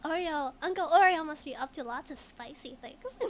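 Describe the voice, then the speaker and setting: Giggly, high-voiced woman streamer. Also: expressive, measured pace, slight background noise. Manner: giggly, joking, laughs often, reads chat. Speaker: game streamer. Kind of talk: casual let's-play commentary.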